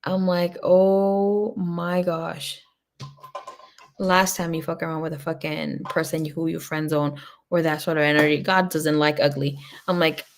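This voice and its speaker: A woman's voice: sits low, flat delivery, a little slow. A woman giving a casual livestream tarot reading, talking bluntly and swearing freely as she tells stories. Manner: blunt, profane, chatty storytelling. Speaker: tarot reader.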